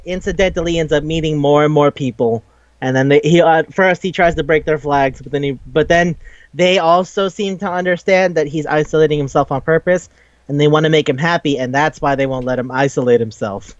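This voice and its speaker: Animated young man, swearing, lo-fi. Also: on the high side, brisk, no room sound. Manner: animated, swears a lot, acts out quoted lines. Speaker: podcast co-host. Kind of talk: casual anime review chat. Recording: dull lo-fi, dry close mic.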